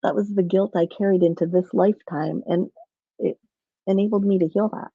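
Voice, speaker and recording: A woman's voice: medium pitch, fairly even intonation, normal speed, vocal fry, slightly rough, no echo, narrow, tinny audio. A woman telling a personal story in a rambling way, with many restarts, on a video call. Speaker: guest.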